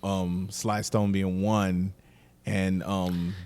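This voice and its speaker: A man guesting on a podcast, recalling his music career in slow, reflective talk full of "um"s and restarts. His voice is low and even. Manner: reflective, halting, many fillers. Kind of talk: casual interview chat.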